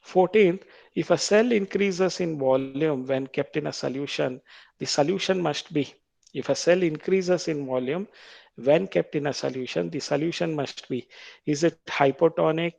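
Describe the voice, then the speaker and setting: A man with an Indian English accent lecturing on biology, reading quiz questions aloud, repeating them slowly and explaining the answers patiently. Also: a little high, creaky, darkish tone, dry recording. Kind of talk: quiz-style classroom lecture.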